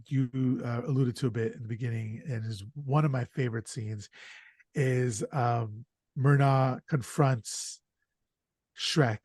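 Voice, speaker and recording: A man hosting a podcast chat, talking in an excitable, loose way, dropping swear words and plenty of ums and restarts. His voice sits at an everyday middle pitch. The sound is dry and close, with no room echo. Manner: excitable, profane storytelling with lots of fillers. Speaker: podcast host. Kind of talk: casual chat.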